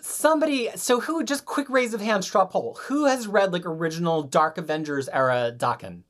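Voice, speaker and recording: A woman's voice: fairly low pitch, normal speed. A woman hosting a casual podcast chat, leading the discussion with enthusiasm. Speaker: podcast host. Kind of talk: casual chat about comics.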